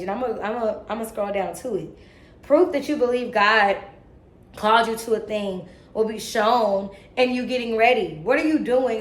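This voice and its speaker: Young female vlogger, earnest self-talk about faith, near tears, slightly high voice, roomy echo. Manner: earnest, self-motivating, preachy, casual slang. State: tearful, emotional. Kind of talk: emotional faith-talk vlog.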